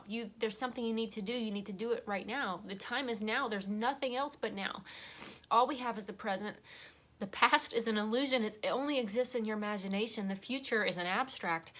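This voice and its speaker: A woman's voice: medium pitch, a bit bright. A woman giving a heartfelt, rambling personal monologue while crying. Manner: earnest, rambling, emotional. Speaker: vlogger and podcast host.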